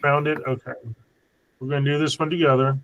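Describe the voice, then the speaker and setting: A man's voice: on the high side, little pitch movement, fairly quick, fairly bright tone, lo-fi sound. A man teaching an online class, patiently walking students through a worksheet and checking they understand.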